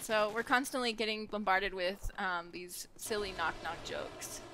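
A young woman recording casual gameplay commentary at home, soft-spoken and hesitant, filling pauses with ums and little giggles. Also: medium pitch, a little hiss or hum, low-quality recording. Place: at home with her children nearby.

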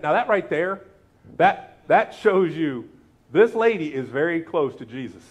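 A man's voice: a little slow, breathy edge. A man preaching a sermon as pastor, acting out quotes with big jumps in his voice. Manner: animated, acts out quotes with big pitch jumps.

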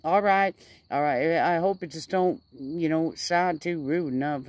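A woman's voice: low-pitched, unhurried, a little mellow, dry recording. A woman rambling casually to her camera outdoors by a fire, stretching out her words for emphasis. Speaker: vlogger.

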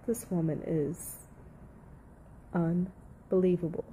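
A woman's voice: on the low side, fairly even intonation, very slow, warm tone, a little hiss or hum. A woman giving heated reaction commentary on audio clips, blunt, profane and exasperated.

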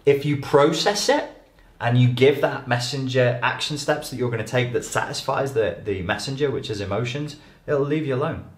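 A man giving an animated, emphatic lecture to an audience as a life coach. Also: mid-range voice, normal speed. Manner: animated, emphatic, acts out quoted voices. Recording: echoey room.

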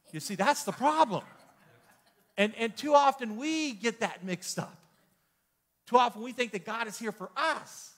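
Animated, bright-voiced male pastor. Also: extremely high pitch, measured pace. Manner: animated, jokey, exclaims and repeats words. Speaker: pastor teaching a Bible study. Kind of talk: lively sermon-style teaching. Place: church hall.

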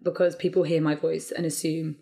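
A woman's voice: low voice, level tone, a little fast, warm tone. A woman comedian, talking animatedly in a podcast interview and slipping into quoted voices. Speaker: comedian guest.

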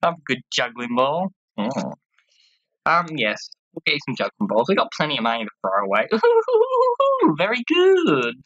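A woman's voice: rumbling low, animated, brisk, pushed and bright, breathy edge, no echo. A woman giving casual commentary while playing a game, chatty and giggly, reading character lines aloud and trying out playful voices. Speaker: let's-play host. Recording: slightly dull lo-fi sound.

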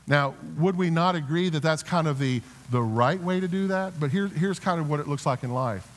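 A man's voice: fairly high pitch, moderate pace, hardly any pauses. A man preaching a sermon as a pastor, earnest, with repeated restarts, building to emphatic exhortations. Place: church sanctuary. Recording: reverberant church sanctuary.

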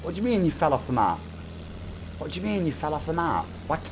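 A man's voice: on the high side, sing-song, fast, noisy background. A man in his forties with a Nottingham accent, chatting and bantering while streaming a game live. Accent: Nottingham English. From England. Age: 40s. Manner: chatty, reads chat aloud, jokey banter.

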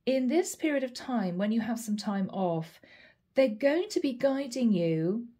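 A woman giving a channeled tarot reading, earnest and emotional, with frequent soft exclamations. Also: a little high, animated, measured pace, husky. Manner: earnest, repetitive spiritual phrasing. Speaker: tarot reader.

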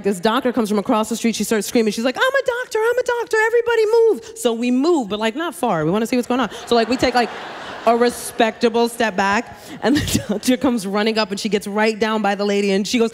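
A woman doing stand-up comedy, telling a story in an animated, chatty way full of asides, on a comedy club stage with a handheld mic. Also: on the high side, a little fast. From New York City.

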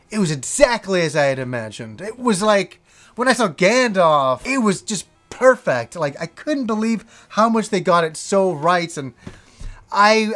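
A middle-aged man hosting a show, talking casually and excitedly about his favourite movies, rambling with restarts and the odd swear word. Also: high-pitched. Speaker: host. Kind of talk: casual movie list talk.

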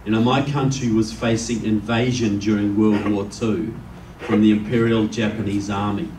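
A man's voice: fairly low pitch, steady tone, moderate pace, a little mellow, slight background noise. A man from New Zealand with a New Zealand accent giving a public speech to a live audience, telling stories and jokes in a conversational way. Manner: conversational storyteller, jokes with the crowd. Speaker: guest speaker. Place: meeting room with an audience. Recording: echoey room, distant mic.

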